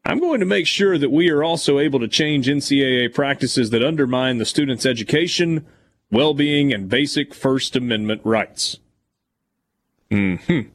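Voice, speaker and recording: A man's voice: medium pitch, moderate pace. A man hosting a sports talk show who reads news passages aloud and then adds casual comments. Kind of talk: reading news and discussing on air.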